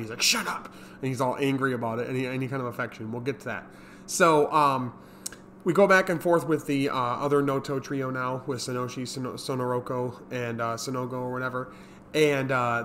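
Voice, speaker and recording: A man's voice: mid-range voice, a bit bright, a little hiss or hum. A man casually recapping a TV episode, rambling with lots of fillers and acting out characters' lines. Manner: rambling, many fillers, mimics characters in quotes. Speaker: show reviewer.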